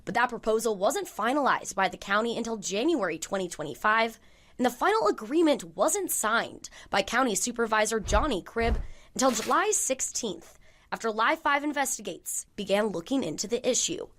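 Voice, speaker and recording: A woman reporter narrating a news investigation in a measured, formal delivery. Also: fairly high pitch, lively intonation, a bit bright. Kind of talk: scripted news narration and interview questions.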